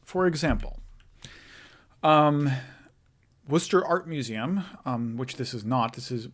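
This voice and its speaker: A man's voice: medium pitch, lively intonation, unhurried, fairly bright tone. A young man giving a recorded history lecture, casual and thinking aloud, with many fillers and self-corrections. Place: in front of a backdrop image.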